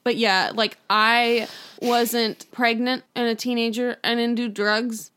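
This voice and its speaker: A young woman, co-hosting a casual podcast chat, telling animated stories and swearing freely. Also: a little high, slow pace, clean tone. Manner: animated storyteller, swears, acts out voices. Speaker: podcast co-host.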